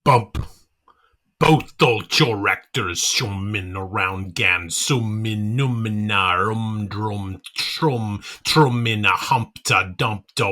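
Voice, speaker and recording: A man's voice: fairly low pitch, takes it slowly, sharp tone. A man cold-reading a dense literary text aloud for a podcast, sounding out nonsense words carefully and rhythmically.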